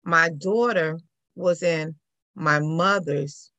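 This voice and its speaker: A middle-aged woman, telling her personal story as an interview guest in an animated way. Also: low voice, slow pace, no echo. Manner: animated storyteller, acts out quoted voices. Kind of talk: personal account in conversation.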